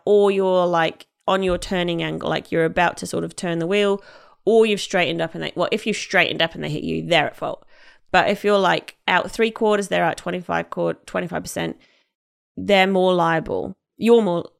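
A woman's voice: fairly low pitch, vocal fry. A woman co-hosting a casual podcast chat, explaining things patiently with lots of fillers and restarts. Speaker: podcast co-host.

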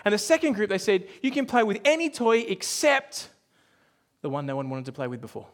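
Male pastor, high voice, chatty sermon delivery with asides and hushed drops. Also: sing-song. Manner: conversational storytelling with asides and quick dips to a hush.

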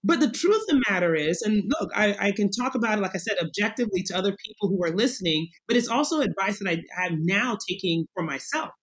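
A woman in her forties, a guest in a conversational interview, talking in an animated, emphatic way and acting out little voices as she goes. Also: mid-range voice, fast talker, hardly any pauses, slightly rough, rough recording.

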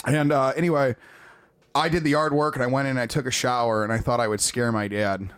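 A man's voice: medium pitch, steady tone, fast talker, fairly bright tone, clean tone. A man co-hosting a podcast, telling swear-laden family stories and laughing as he goes. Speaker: podcast co-host. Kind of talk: casual chat, storytelling.

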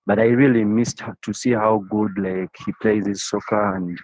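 Husky-voiced man telling a story. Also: lowish voice, steady tone, moderate pace, a little mellow, no echo. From Uganda. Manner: passionate, repeats and restarts phrases. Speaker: interviewee, football fan. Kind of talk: casual storytelling in an interview. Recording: dry, slightly dull recording.

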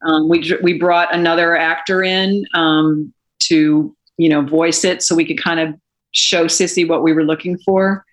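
A woman documentary filmmaker in an interview, telling an anecdote in a lively way and laughing now and then. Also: deep voice, normal speed. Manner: animated anecdotal storytelling, laughs often. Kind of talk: interview storytelling.

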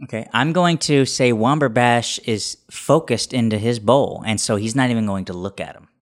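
Male player, jokey, narrates his character's moves, mid pitch. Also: normal speed. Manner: joking, describing his character's actions. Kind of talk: casual tabletop game play.

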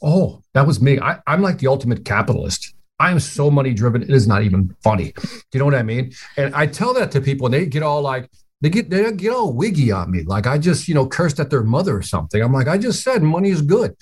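A man's voice: mid-range voice, big pitch swings, fast talker, slightly rough. A man talking as a podcast guest in casual, emphatic and opinionated chat, laughing easily.

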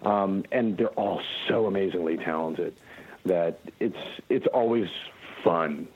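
A man, a guest voice actor, telling relaxed anecdotes in a casual interview, with frequent fillers and restarts. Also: low voice, slow pace, husky, phone-quality sound.

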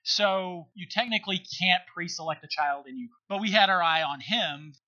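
Middle-aged man, high bright voice, emphatic storyteller who keeps checking in with his listener. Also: moderate pace, muffled recording. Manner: earnest, emphatic, checks in with rhetorical questions. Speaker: guest. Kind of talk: conversational storytelling.

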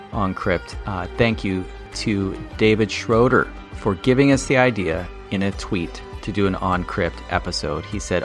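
A man hosting a podcast, reading announcements and an episode intro in a low-key way. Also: fairly bright tone. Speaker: podcast host. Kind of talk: scripted announcement.

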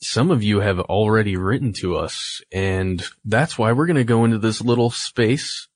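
A man's voice: fairly low pitch, moderate pace, no room sound. An American man co-hosting a podcast, adding brief, dry interjections. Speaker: podcast co-host. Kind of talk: podcast conversation.

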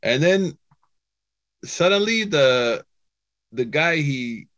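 A man telling a personal story in a talk to a Muslim audience, chatty and animated, full of "you know" and "man". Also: fairly high pitch, very slow, lo-fi sound. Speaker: Muslim speaker giving a talk.

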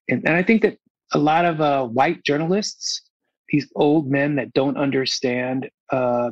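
A man's voice: mid-range voice, gravelly, no room sound, highs cut off. A man, a film director, talking frankly and emotionally as an interview guest, often restarting and repeating himself. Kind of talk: candid casual interview talk.

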